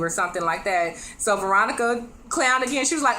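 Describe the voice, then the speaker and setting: Talking straight to her audience, this woman briskly recaps a TV drama episode with few pauses, performing the characters' quoted lines as she goes. Her slightly high voice is expressive, pushed, and bright, and a little hiss or hum can be heard. She's a reviewer, and her tone is chatty and conversational.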